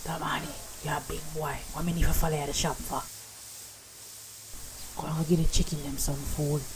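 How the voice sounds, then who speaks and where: A woman plays a tough, jealous older cartoon woman with a Jamaican accent and a deep voice, bossing her partner around in patois. The home recording has a steady hiss of noise behind her. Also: a little fast, close to an everyday voice. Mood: dismissive. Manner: scolding, bossy patois.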